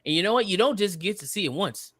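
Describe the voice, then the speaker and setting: A man co-hosting a casual podcast, giving loud, hyped shout-outs to viewers. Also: high voice, animated, fast, no echo, clean studio sound. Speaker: podcast co-host. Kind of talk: casual chat.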